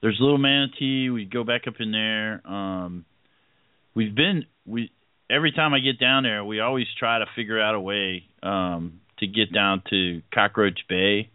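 A man's voice: on the low side, normal speed, smooth, no echo. A man hosting a casual radio chat, easygoing and rambling, with many fillers and chuckles. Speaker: host. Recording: tinny phone-like line.

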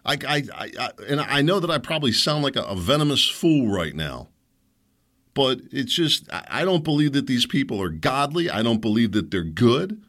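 A man's voice: medium pitch, big pitch swings, moderate pace, fairly bright tone. A middle-aged man hosting his own show, telling a story in an indignant, heated monologue. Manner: heated, indignant, mocks others in put-on voices. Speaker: show host. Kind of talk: ranting monologue.

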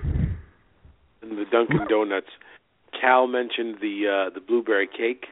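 A man's voice: lowish voice, fairly even intonation, takes it slowly. A man co-hosting a podcast in casual chat, telling rambling stories with restarts. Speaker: podcast co-host. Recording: dry, phone-like sound.

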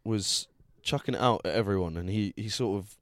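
A man's voice: lowish voice, fairly quick, clean tone, dry recording, clean studio sound. A man hosting a casual chat, telling a story with many restarts. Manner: rambling, restarts often. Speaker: podcast host.

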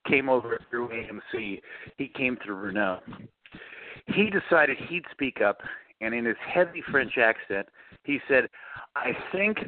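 A middle-aged man, a guest author, answering interview questions with lively storytelling and acting out the voices he quotes. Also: mid-range voice, dry recording. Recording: dry, tinny phone line.

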